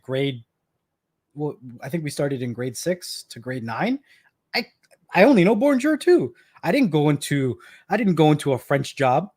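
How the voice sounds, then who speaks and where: A man's voice: medium pitch, a little mellow. A man in his thirties from Canada, chatting casually on his live stream and telling stories with a laugh. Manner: chatty storyteller, laughs often, repeats words.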